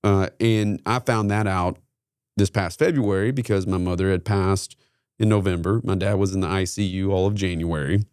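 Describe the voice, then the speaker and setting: Male podcast host, low and dry, reflective talker. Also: steady tone, normal speed, a little mellow, smooth, no echo. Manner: thoughtful, leans on sayings and personal stories. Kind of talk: reflective interview talk.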